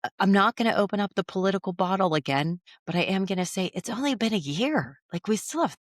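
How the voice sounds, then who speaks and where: A woman's voice: mid-range voice, animated, quick pace, dry recording, studio quality. A woman co-hosting a podcast in casual chat, reflective and thinking aloud, often restarting her sentences. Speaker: podcast co-host.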